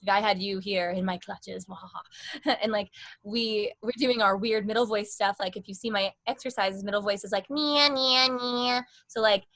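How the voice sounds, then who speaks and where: A woman's voice: medium pitch, fairly even intonation, moderate pace, dry recording. A young woman teaching vocal exercises in a casual chat, explaining how to speak healthily. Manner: demonstrates bright forward vocal exercises. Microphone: livestream.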